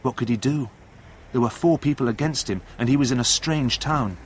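Calm man reading a story aloud. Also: mid-range voice, slight background noise. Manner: calm, plain, measured reading. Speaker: narrator. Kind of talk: scripted story narration.

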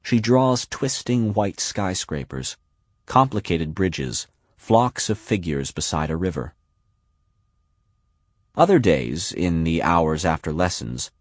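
A man reading scripted literary narration in a measured, unhurried, deliberate way. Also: sits low, no room sound, clean studio sound. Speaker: audiobook narrator.

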